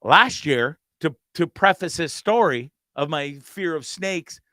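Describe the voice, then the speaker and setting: A man's voice: a little high, lively intonation, a little slow, sharp tone, dry recording. A male host telling a rambling, profane story with many stammered restarts. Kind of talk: casual storytelling.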